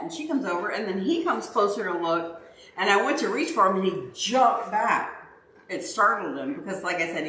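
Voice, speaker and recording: A woman hosting a livestream, telling a story to her chat in a casual, animated way and acting out her own yelling. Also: on the low side. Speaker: livestream host, dog owner. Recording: roomy echo, faint background noise.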